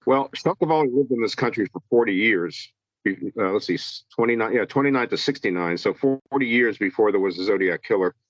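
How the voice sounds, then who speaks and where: A man answering interview questions in a halting way, often repeating words as he thinks. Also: on the low side, animated, no echo, muffled recording. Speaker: guest, true-crime author.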